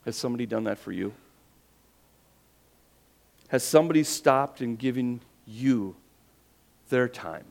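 A man's voice: mid-range voice, unhurried, gravelly, long pauses. Man preaching a storytelling sermon. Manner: storytelling, drops quiet for emphasis, rhetorical questions. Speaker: pastor.

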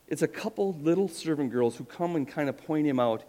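Middle-aged male pastor, animated storytelling sermon, expressive delivery. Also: a little high, fairly quick, hardly any pauses. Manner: animated storytelling, voices quotes with rising emphasis.

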